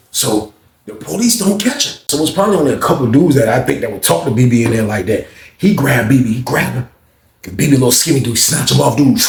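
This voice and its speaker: A man's voice: medium pitch, fast talker, vocal fry, roomy sound. A man telling a story in a casual, slangy way, acting out the other people's voices. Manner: animated, slangy, acts out every voice.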